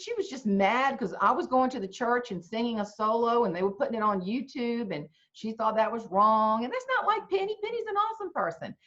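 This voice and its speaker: A middle-aged woman with a Southern accent, a humorist telling folksy comic stories as a guest on a video chat. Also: fairly high pitch. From South Carolina. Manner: folksy, animated, comic storyteller. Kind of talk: storytelling chat. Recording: muffled lo-fi video call audio.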